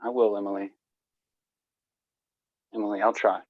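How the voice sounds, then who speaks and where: A man's voice: lowish voice, level tone, moderate pace, dry recording, lightly acted. A man playing a nervous young groom who talks earnestly to his mother and bride, over dull video-call audio. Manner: anxious and pleading, then earnest.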